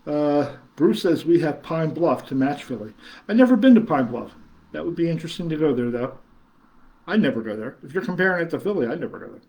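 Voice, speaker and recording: A man's voice: on the high side, big pitch swings, brisk, darkish tone. A middle-aged man, hosting a casual livestream and reading chat comments in a rambling, chuckling way with many fillers. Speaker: horror host reading live chat.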